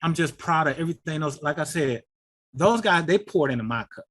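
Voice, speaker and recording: Husky man telling a heartfelt story. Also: fairly high pitch, a little fast. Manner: animated, acts out quoted voices, gets emotional. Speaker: interview guest. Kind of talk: emotional personal storytelling.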